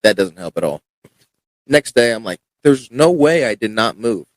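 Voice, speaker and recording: A man's voice: medium pitch, big pitch swings, moderate pace, no echo, poor audio. A young man, a fighter guest on a podcast, telling a story in a casual, rambling way with many restarts and acted-out quotes. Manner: rambling, frequent restarts and fillers, acts out quoted dialogue.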